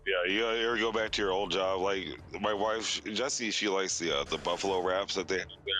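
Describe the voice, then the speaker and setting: A man's voice: low voice, fairly even intonation, fairly quick, pushed and bright. A man chatting casually on a stream in a laid-back, drawling way with plenty of cursing. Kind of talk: casual chat.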